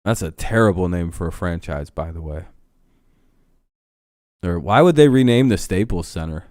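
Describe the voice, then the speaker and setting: A man's voice: sits low, lively intonation, moderate pace, darkish tone, no room sound, studio quality. A young man ranting casually to his live-stream chat, swearing a lot, laughing often and getting heated.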